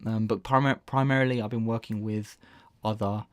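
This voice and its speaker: A man's voice: fairly low pitch, fairly even intonation, a little fast, dry recording. Rambling man hosting a live stream. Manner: rambling, self-interrupting, laughs often. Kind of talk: casual live-stream chat.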